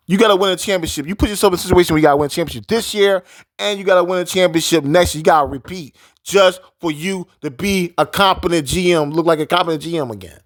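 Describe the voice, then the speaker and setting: Male sports commentator, fairly high voice, repetitive and emphatic rant, dry close sound. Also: quick pace, dry recording. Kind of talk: casual sports opinion rant.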